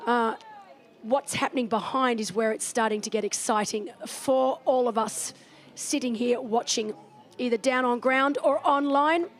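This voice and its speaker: High-voiced woman commentating a race. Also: a little slow. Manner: enthusiastic, chatty. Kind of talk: live sports commentary. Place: commentary booth.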